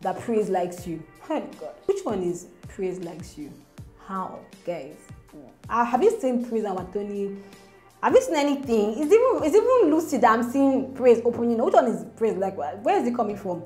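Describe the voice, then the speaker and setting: A woman, chatting excitedly as a gossip vlogger to her viewers. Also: on the high side, moderate pace. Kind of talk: casual gossip commentary to viewers. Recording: roomy echo with faint music.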